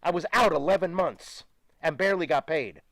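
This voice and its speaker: A man's voice: fairly high pitch, normal speed, fairly bright tone, no echo. An older man, a retired pro wrestler, ranting emphatically and with profanity as a guest in a studio interview.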